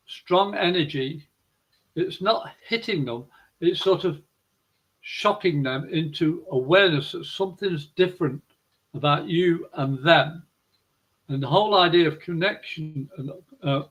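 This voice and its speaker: A middle-aged man giving a gentle, rambling, affectionate spiritual reading on a live stream. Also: fairly high pitch, lo-fi sound. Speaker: psychic reader and co-host.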